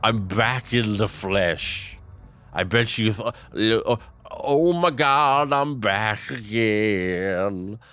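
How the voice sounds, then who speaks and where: A man's voice: on the low side, expressive, drawn-out words, fairly bright tone, full character voice. A man voicing a boastful, drunken older male president who rambles and brags while proudly clueless. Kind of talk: comedic impression.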